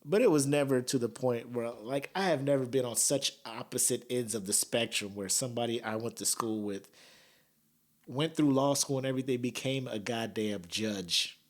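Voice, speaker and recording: A man's voice: medium pitch, moderate pace. A man hosting a podcast, talking casually in slang and laughing often as he comments. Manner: laughs a lot, slangy and animated. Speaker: podcast host.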